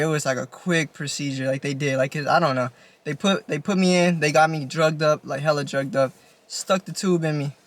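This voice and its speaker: Laid-back young man, slightly high voice. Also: fairly bright tone. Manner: laid-back slangy storytelling. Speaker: YouTuber. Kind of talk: casual storytime vlog.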